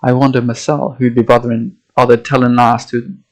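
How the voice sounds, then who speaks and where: Picture a crusty old seaman of nearly a hundred, as a male reader puts him on, muttering in thick Yorkshire dialect. He is dismissive and brusque, his words low and hushed. The tone stays flat and unmoving. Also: a little fast, close to an everyday voice, rough recording. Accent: Yorkshire dialect, put on. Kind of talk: reading a novel aloud.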